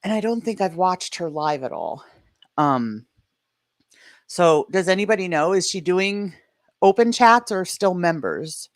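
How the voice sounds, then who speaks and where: A woman's voice: lowish voice, lively intonation, measured pace, no room sound, clean studio sound. A woman hosting a reaction commentary stream, sarcastic and lecturing. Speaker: commentary channel host.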